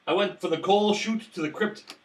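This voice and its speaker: A man's voice: high voice, echoey room. A man playing a board game with friends, cursing freely and reading cards with stumbles. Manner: swearing, playful, reads cards haltingly. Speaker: player. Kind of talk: casual board game play. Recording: distant mic, faint noise.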